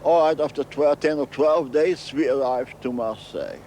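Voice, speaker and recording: An older man being interviewed. He recounts his memories in halting, non-native English and often repeats his phrases. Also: a little high, mellow, a little hiss or hum. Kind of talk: storytelling interview.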